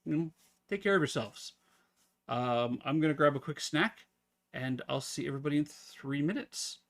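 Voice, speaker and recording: A man streaming live, talking casually and at length with his viewers in a relaxed, rambling way. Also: a little high, normal speed.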